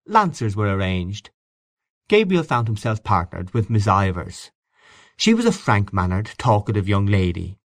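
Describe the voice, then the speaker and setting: A male narrator reads a literary story with measured care. His voice sits low, but his intonation rises and falls with great life. The recording is dry and close. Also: no room sound. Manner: lively, measured literary reading. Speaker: audiobook narrator.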